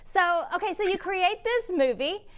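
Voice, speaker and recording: A woman hosting an interview, responding warmly and asking her guest questions. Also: very high-pitched, expressive, normal speed. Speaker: show host.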